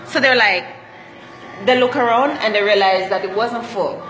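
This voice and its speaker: A woman's voice: mid-range voice, moderate pace, fairly bright tone, long reverb tail. A Jamaican woman telling travel stories in a casual vlog, slipping into patois as she talks. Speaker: travel vlogger.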